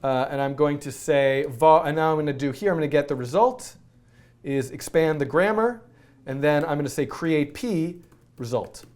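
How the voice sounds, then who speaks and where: A coding instructor runs a live-streamed lesson, chatting through his code as he types and cracking jokes at his own expense, laughing at himself. His voice is a little high and a little mellow, and he talks at a moderate pace.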